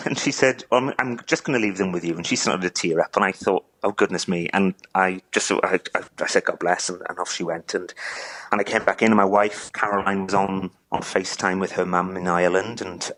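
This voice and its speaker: A man recounting a neighbour's gift, halting and repeating words as he chokes up. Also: low voice, fairly even intonation, a bit bright, no echo, poor audio. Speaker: interviewee, neighbour telling a story. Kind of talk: emotional phone interview.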